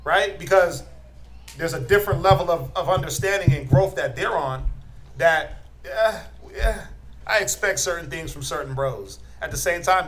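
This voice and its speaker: A man with a notably high voice preaches to his group in a loose, unscripted way. He is blunt and confrontational, firing rhetorical questions and chuckling as he scolds. Faint background noise runs under him. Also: fairly bright tone, poor audio. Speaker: religious teacher.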